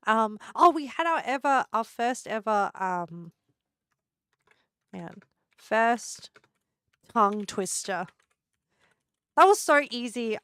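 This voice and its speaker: A woman's voice: a little high, fairly bright tone, smooth, no room sound, studio quality. A woman live streamer chatting casually with her viewers, giggling a lot and playfully teasing them.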